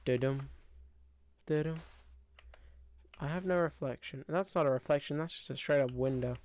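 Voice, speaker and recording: Streamer guy live-commenting a game, fairly high voice, chatty, hums along. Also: fast, darkish tone. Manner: chatty, talks to himself while playing, hums.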